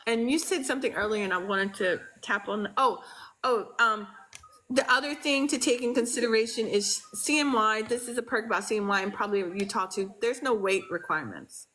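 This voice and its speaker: In a casual podcast chat, a woman speaks frankly and emphatically, her talk sprinkled with fillers. Her voice is a little high and somewhat bright, and she talks briskly; the audio is poor.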